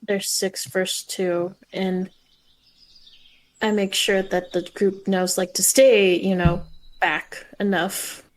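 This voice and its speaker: A woman's voice: mid-range voice, level tone, takes it slowly. Casual woman player at a game table. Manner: casual, hesitant fillers.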